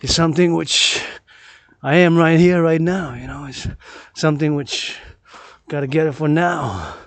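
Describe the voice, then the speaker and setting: A man's voice: a little high, fairly even intonation, a little slow, no echo. A man vlogging outdoors on a forested mountain trail, rambling and repeating words and phrases over and over. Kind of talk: rambling vlog monologue.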